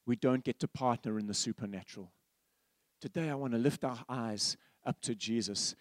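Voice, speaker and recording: A male pastor preaching a sermon, telling stories that swing from animated to hushed. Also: mid-range voice, moderate pace, no echo, clean studio sound.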